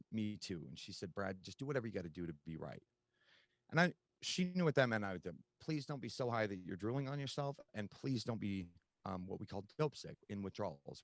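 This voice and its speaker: A man's voice: low voice, dry recording. A man telling his recovery story as a podcast guest, candid and conversational with frequent fillers.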